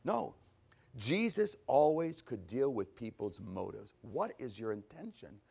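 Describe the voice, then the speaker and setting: A man's voice: mid-range voice, unhurried, vocal fry, breathy edge. Guy preaching, chatty sermon, keeps asking the crowd stuff then answering it himself. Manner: animated, rhetorical questions, answers himself. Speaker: pastor. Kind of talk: conversational sermon.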